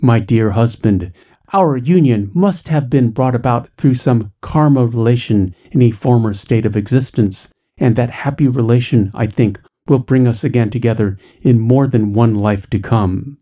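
A man voicing a gentle young female willow-tree spirit who pleads in a feeble voice. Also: medium pitch, moderate pace, lightly acted. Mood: pleading.

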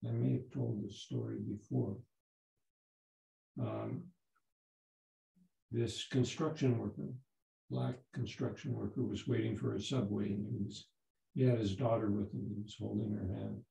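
A man in his seventies, a Zen teacher giving a dharma talk, telling a story in a halting way with many restarts. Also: lowish voice, fairly even intonation, vocal fry, dark tone. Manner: halting, repeats words and restarts. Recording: roomy echo.

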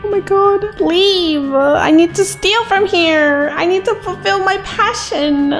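A woman giving playful gameplay commentary in an excitable way, often gasping and giggling. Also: very high-pitched, takes it slowly, soft background music. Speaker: gaming video creator.

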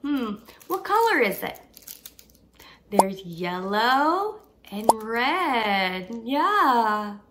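A young woman speaks to toddlers in a high, lively voice that swoops up and down. She talks very slowly and brightly, in a sing-song, encouraging teacher's manner with gasps of delight. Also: background noise. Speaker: children's teacher. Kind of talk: toddler learning video.

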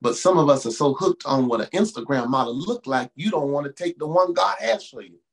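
A man preaching as a pastor, with a voice that sits fairly high for a man. He talks in a loose, conversational way, stumbling over restarts and repeating his key lines. He drops into low asides and then rises into loud exclamations. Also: expressive, brisk, gravelly. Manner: casual, conversational phrasing with stammered restarts. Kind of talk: preaching-style talk to singles.

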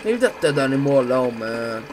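Excitable crude gamer. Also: male voice, mid-range voice, moderate pace, background noise. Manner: loud, crude, excitable outbursts. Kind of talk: gameplay commentary.

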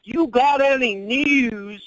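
A goofy fake Aussie caller, put on by a man, pitched very high and dragging out every word. The put-on Australian accent is thick and he stumbles as he hunts for what to say. The sound is dry and close. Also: slow pace, a bit bright, no echo, exaggerated voice, low-quality recording. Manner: hesitant, searching for words.

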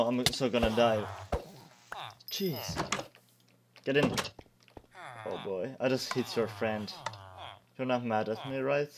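A man's voice: medium pitch, slow, pauses often, background noise. A man giving let's play commentary as a gaming YouTuber, jumpy and talking back to the game characters.

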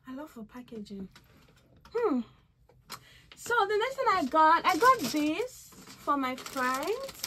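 Young woman vlogger, bright lively voice, gushing and excitable, casual home haul talk into the camera mic. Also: high-pitched, slight background noise. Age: young adult. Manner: bubbly, gushing, squeals with excitement.

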